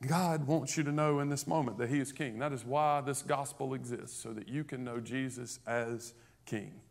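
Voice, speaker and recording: A man's voice: medium pitch, bright, forceful tone. A man preaching a sermon, emphatic and rising in volume on key points, with conversational asides to the listeners. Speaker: pastor.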